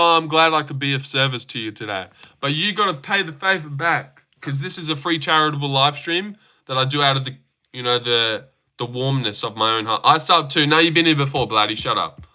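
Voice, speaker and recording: A man's voice: on the high side, moderate pace, pushed and bright. A young man hosting a casual live stream from his phone, joking, swearing now and then and answering chat comments.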